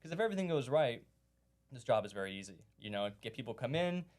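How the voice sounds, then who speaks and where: A man's voice: medium pitch, sing-song, fast, a little mellow. A man talking as a guest on a casual podcast, explaining his venue management work step by step with enthusiasm.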